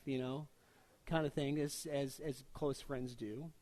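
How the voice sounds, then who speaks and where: A man preaching a sermon in a conversational, joking way, reading scripture and slipping into quick voiced asides. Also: medium pitch, steady tone, warm tone. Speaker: pastor.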